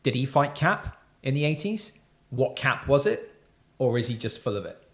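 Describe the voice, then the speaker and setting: A man's voice: medium pitch, very animated, normal speed, fairly bright tone. A man co-hosting a casual podcast chat, talking at length about plot details. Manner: chatty, recaps plots at length. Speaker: podcast co-host. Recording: roomy echo.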